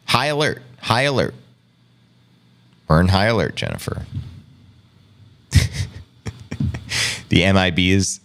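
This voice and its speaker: A man's voice: low-pitched, vocal fry, fairly bright tone. A man hosting a casual livestream, reading viewer comments aloud with playful, joking banter and frequent laughs. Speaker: host.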